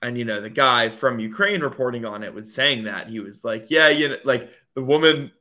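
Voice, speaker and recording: Male podcast co-host, loose rambling talker, mid-range pitch, mocking quoted voices. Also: normal speed, pushed and bright. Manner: rambling, many fillers, mimics others in mocking quoted voices. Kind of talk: casual chat.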